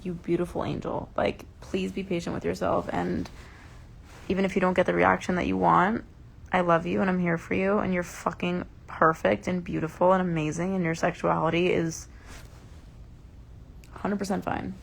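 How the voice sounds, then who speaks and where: A woman's voice: lowish voice, flat delivery, normal speed, creaky, slightly rough. A woman hosting a casual livestream chat, talking heatedly and emphatically and swearing often, into a phone held close. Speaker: livestream host.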